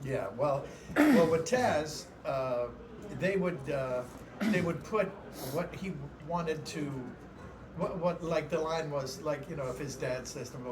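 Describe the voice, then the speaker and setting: A man's voice: on the high side, expressive, measured pace. An older man, a guest voice actor, chatting loosely with restarts at a convention panel. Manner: chatty, rambling with restarts and laughs. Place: convention hall. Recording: crowd noise at a live convention.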